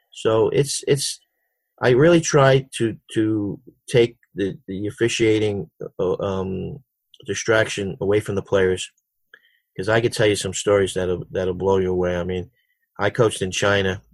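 A man's voice: lowish voice, no echo. A middle-aged man, a basketball coach, answering interview questions with frequent restarts and repeated words. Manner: repeats words and restarts often, tells anecdotes.

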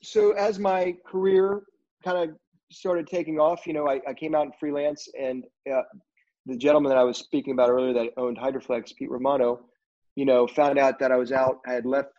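A middle-aged man spins a casual, meandering story, pausing often on fillers and restarts. His voice sits at an ordinary pitch for a man. The recording is a bit dull and lo-fi. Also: steady tone, a little mellow. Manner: rambling, heavy on fillers like "you know". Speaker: film crew guest.

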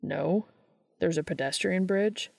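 A woman voicing a warm, teasing adult man, speaking in a hushed, half-whispered way. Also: fairly low pitch, slow pace, vocal fry, full character voice.

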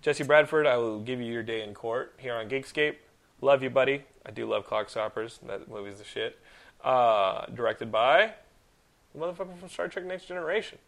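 A man in his thirties hosting a podcast, telling animated stories, ranting and swearing freely. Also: mid-range voice, normal speed. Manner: animated storyteller, swears freely, rants loudly. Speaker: podcast host. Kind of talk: casual chat.

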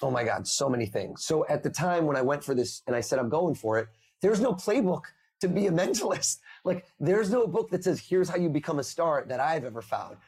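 A man in his thirties, a mentalist guest on a podcast, telling lively stories and acting out the people in them. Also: a little high, fairly quick, slightly rough. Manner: animated storyteller, acts out quoted voices. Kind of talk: podcast interview over video call.

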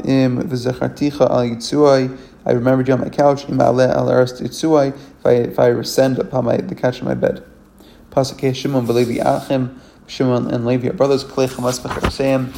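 A man with a gravelly, dark-toned voice teaches a religious text. He reads each verse aloud, then translates it phrase by phrase. His delivery is halting, with frequent fillers and self-corrections. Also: mid-range voice. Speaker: Torah teacher.

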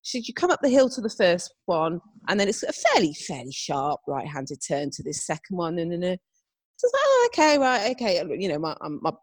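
Brief: woman, young, podcast co-host, animated storyteller, husky edge. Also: fairly low pitch, fairly quick, dry recording. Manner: animated storytelling, acts out quotes. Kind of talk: casual chat.

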